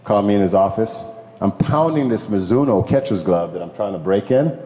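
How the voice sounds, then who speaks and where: An older man from Jamaica, a former ballplayer telling animated stories to a crowd, acting out the people he quotes, laughing often and swearing. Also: on the low side, brisk. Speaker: former pro ballplayer, guest speaker. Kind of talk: casual storytelling to a crowd. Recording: echoey hall with long reverb.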